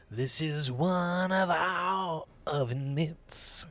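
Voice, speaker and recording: A male streamer with an unhurried, slightly high-pitched voice talks over his gameplay. He reads lines aloud and drifts into sing-song asides. He chuckles often as he goes. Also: expressive. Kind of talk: casual gameplay commentary, reading dialogue aloud.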